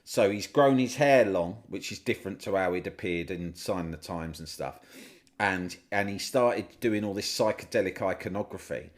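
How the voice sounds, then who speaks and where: A middle-aged man from Britain, a podcast guest, telling stories in casual chat, swearing freely and loudly mimicking other people. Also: deep voice, moderate pace. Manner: animated storyteller, swears freely, mimics his brother loudly.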